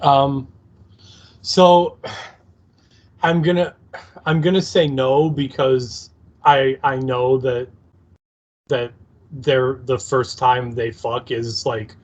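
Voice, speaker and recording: A man's voice: mid-range voice, fairly even intonation, takes it slowly, pauses often, highs cut off. A man co-hosting a podcast, chatting in a laid-back, joking way about a TV episode and often trailing off mid-sentence. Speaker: podcast co-host. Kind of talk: casual chat recapping a TV episode.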